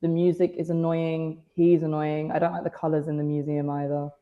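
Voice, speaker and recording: A woman's voice: sits low, little pitch movement, fairly quick, phone-quality sound. A British woman in her twenties, a wrestler guesting on a podcast, chatting casually with dry self-mocking humour.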